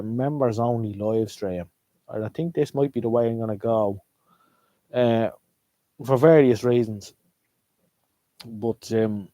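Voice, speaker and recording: A middle-aged Irish man with a mellow, warm voice, chatting to his viewers on a live stream. He rambles along and repeats himself, and the sound is close and dry. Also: medium pitch, dry recording. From Ireland. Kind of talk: casual live stream chat.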